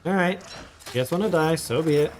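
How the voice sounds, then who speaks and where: A man's voice: on the high side, moderate pace, a little mellow, slight background noise. A man chatting casually while he livestreams a game, rambling into asides as he plays. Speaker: gaming streamer.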